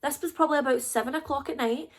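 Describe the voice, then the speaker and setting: Young Scottish woman, vlogger, chatty storytelling read with a fairly high voice. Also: very fast. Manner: chatty, lively, confiding. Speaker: YouTuber. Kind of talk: casual storytime vlog.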